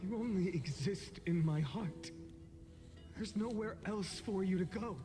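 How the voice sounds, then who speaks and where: An actor playing a weary young male hero in a video game, speaking in a solemn, hushed and resolute way. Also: high-pitched, unhurried, music in the background. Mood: sorrowful.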